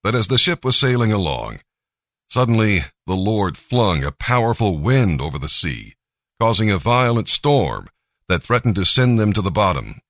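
A man narrating a scripture story in a measured, expressive reading. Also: lowish voice, dry recording, clean studio sound.

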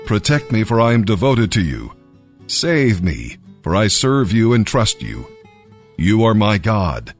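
A man reading scripture and giving devotional commentary in an earnest, expressive way. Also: lowish voice, measured pace, soft background music. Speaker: Bible reader and devotional speaker.

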